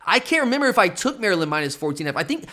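A man's voice: high-pitched, very animated, rapid-fire, bright, forceful tone. A man hosting a casual sports betting podcast, teasing his co-host and rambling with frequent restarts.

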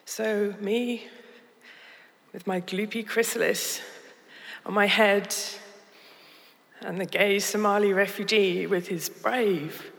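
A woman telling a personal story live on stage, with a measured, pausing delivery. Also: mid-range voice, steady tone, vocal fry, a bit bright. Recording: live hall reverb.

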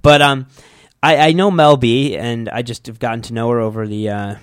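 A man's voice: mid-range voice, steady tone, normal speed, clean tone, no room sound, clean studio sound. A man co-hosting a casual talk show, telling teasing stories in a chatty way. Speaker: co-host. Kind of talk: casual podcast banter. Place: studio.

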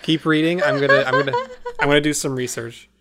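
A man's voice: on the high side, steady tone, quick pace, background noise. A man co-hosting a podcast, chatting casually and reporting on things he looks up mid-conversation. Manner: curious, explains things he looks up. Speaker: podcast co-host. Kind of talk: casual chat.

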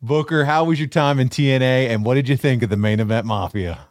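A man co-hosts a podcast and puts questions to the guest in an easy, conversational way. His voice is mid-pitched and dry. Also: fast, dry recording. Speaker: podcast co-host. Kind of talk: interview questions.

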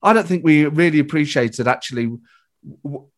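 A British man, a comedian guest, telling an excited story in casual chat, with frequent restarts. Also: fairly high pitch, normal speed.

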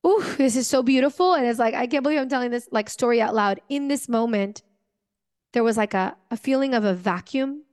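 Her smooth, slightly high voice trails off into long reverb as this young podcast host opens up to listeners with an emotional, heartfelt personal story, peppered with many fillers.

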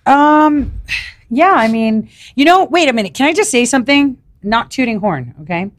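A woman's voice: on the high side, expressive, moderate pace, no echo. A woman chatting and joking as a guest on a podcast, laughing often. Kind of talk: casual chat.

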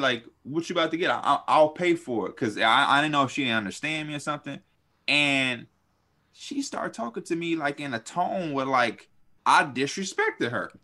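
A young man on a podcast, telling a story in casual chat, animated and profane. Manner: animated, profane, swings high when quoting people. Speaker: podcast co-host.

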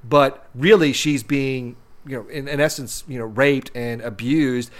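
A man's voice: medium pitch, fairly even intonation, a little slow. A man co-hosting a casual film discussion, talking in long rambling runs with many restarts and repeated words. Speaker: podcast co-host discussing films.

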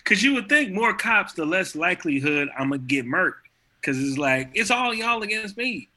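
A man's voice: sits high, sing-song, normal speed, pushed and bright. A young man in a casual chat with friends, talking expressively about his own experiences. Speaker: friend in conversation.

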